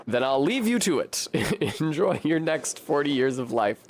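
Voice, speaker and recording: A man's voice: on the high side, very animated, measured pace. A man casually commenting on a game he plays, chatty with joking asides. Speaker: streamer. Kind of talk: casual let's-play commentary.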